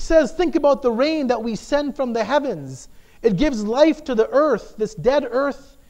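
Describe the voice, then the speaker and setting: A shaykh addresses his community in an easy, conversational sermon. His voice sits very high for a man. He keeps asking "right?" and hammers key words through repetition. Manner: explains with frequent "right?" tags and emphatic repetition. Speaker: shaykh giving a talk.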